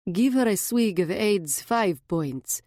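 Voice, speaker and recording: A woman's voice: mid-range voice, animated, takes it slowly, dark tone, dry recording, clean studio sound. A woman doing a thick Eastern European fortune-teller. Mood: insistent. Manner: insistent, good-natured. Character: flamboyant older woman in headscarf, fortune-teller type.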